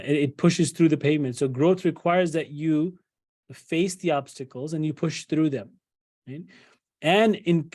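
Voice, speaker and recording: A man's voice: a little high, a little mellow. A middle-aged man giving a conversational lecture to parents as a psychologist, often checking in with "right?" and acting out what a parent might say. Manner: conversational, many fillers and "right?" tags, acts out parent quotes.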